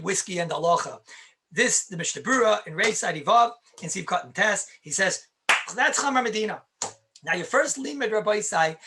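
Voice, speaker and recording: A man's voice: high voice, vocal fry, pushed and bright, slight background noise. A man, a rabbi, teaching Jewish law in a conversational lecture, stressing points by repeating them and answering his own questions.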